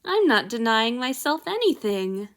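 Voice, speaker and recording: A woman reading the lines of a gentle, affectionate male god lord in a soft, tender, teasing way. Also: on the high side, big pitch swings, a little slow, exaggerated voice.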